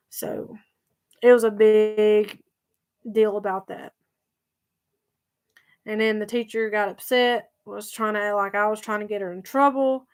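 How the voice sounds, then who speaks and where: A woman's voice: mid-range voice, steady tone, measured pace, long pauses, clean tone. A woman telling a story to her viewers in a chatty, emphatic way that circles back over the same points. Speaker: vlogger. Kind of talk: casual storytelling vlog.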